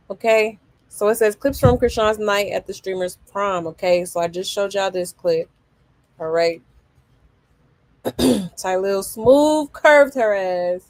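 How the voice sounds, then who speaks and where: Sassy laughing gossip host, dry close mic. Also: female voice, mid-range voice, dry recording. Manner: sassy, drawling, laughs loudly, reads comments aloud. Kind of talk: casual commentary reacting to clips.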